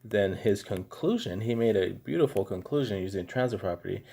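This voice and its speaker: Middle-aged guy teaching math, low voice, kinda husky, chill and chatty. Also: a little fast. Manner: relaxed, chatty, tells anecdotes with lots of fillers. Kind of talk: casual classroom lesson.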